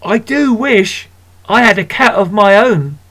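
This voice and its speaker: A man's voice: high-pitched, expressive, unhurried, fairly bright tone, voice pushed up, poor audio. A man voicing a glum, earnest young boy in a storybook reading. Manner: mumbling, earnest.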